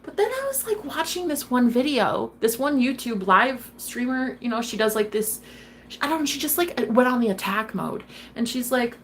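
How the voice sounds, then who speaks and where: A woman's voice: on the high side, big pitch swings, moderate pace, slight background noise. A woman hosting a tarot live stream, talking casually in a rambling, heated way, swearing freely and saying "like" a lot. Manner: rambling, heated and profane, heavy on "like".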